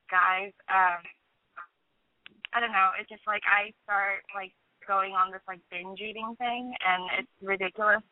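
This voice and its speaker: A hesitant young woman in her early twenties calls in over a tinny phone line, dry and close. She speaks softly, pausing often and filling gaps with ums and likes. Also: mid-range voice, no echo. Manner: hesitant, filler-heavy, soft-spoken. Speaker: caller. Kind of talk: phone call to a podcast.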